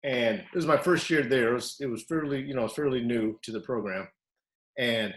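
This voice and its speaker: A male wrestling coach tells stories in an easygoing, animated way, punching up quoted lines with sudden energy. His voice sits in a mid range and carries a noticeable room echo around it. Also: mid-range voice, normal speed. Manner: animated, acts out quotes loudly. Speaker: wrestling coach, podcast co-host. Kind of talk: casual storytelling chat. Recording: echoey room.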